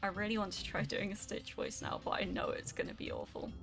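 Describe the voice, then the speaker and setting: A woman's voice: mid-range voice, huge pitch swings, a little fast, gravelly, fairly bright tone, soft background music. A young woman, chatting casually and swearing now and then while she streams a video game. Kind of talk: casual rambling while gaming.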